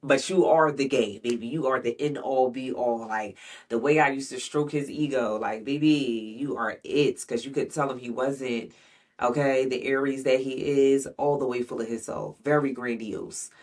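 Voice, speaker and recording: A man's voice: medium pitch, moderate pace, distant mic. A man telling a frank, rambling personal story in casual slang, storytime vlog style. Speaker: vlogger. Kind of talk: candid storytime monologue.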